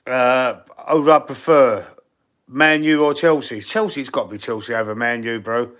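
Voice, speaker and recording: A man from East London with a Cockney accent and husky, wheezy breathing, hosting a casual live-stream Q&A in a blunt, slangy way. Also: medium pitch, moderate pace, a bit bright. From East London, England. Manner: blunt, slangy and chatty, calling viewers bro and mate. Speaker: fan channel live streamer.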